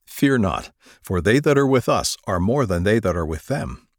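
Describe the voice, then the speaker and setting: A man's voice: fairly low pitch, big pitch swings, normal speed, no echo, clean studio sound. A man reading the lines of a solemn, commanding old prophet in a grave, earnest scripture reading.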